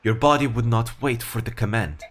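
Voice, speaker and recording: A man doing a serene, soft-spoken monk. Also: medium pitch, slight background noise, lightly acted. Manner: calm, measured, soft-spoken. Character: serene, mysterious male monk, calm and gracious.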